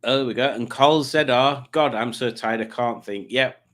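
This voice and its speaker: A man's voice: medium pitch, moderate pace, a bit bright. A man hosting a casual livestream, chatting and teasing as he reads out viewers' comments. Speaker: livestream host reading chat.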